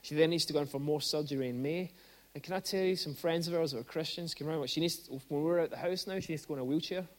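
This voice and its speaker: A man's voice: on the high side, quick pace. A man preaching as a guest speaker at a church service, telling stories in a chatty way and building to emphatic peaks. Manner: conversational storytelling, with bursts of rising emphasis. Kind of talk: sermon.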